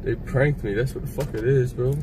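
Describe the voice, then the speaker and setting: A man livestreams from a city street, rambling and swearing as he reacts to everything around him. He sounds high and paranoid, and the phone audio picks up clear street noise under his mid-pitched voice. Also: steady tone, a little fast. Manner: profane, rambling, agitated. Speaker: IRL livestreamer. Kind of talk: live street streaming.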